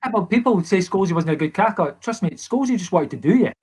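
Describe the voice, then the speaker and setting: A man's voice: high voice, animated, quick pace, a little mellow, breathy edge. A man with a Scottish accent, a former footballer as podcast guest, telling stories earnestly with many restarts. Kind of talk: casual podcast chat.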